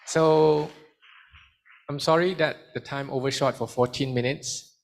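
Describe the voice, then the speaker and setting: A man's voice: a little high, a little slow, gravelly, slight background noise. A man giving a study skills seminar to students and taking questions, switching into Malay now and then. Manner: lively, mixes in Malay phrases. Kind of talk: seminar talk with Q and A.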